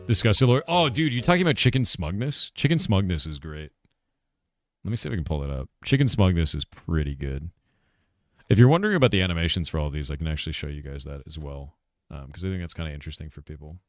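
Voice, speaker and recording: A middle-aged man streaming a casual chat about making his game, laid-back and quick to laugh, calling people "dude" and reading chat questions aloud. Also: sits low, lively intonation, no room sound, faint music behind. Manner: reads chat questions aloud and answers them.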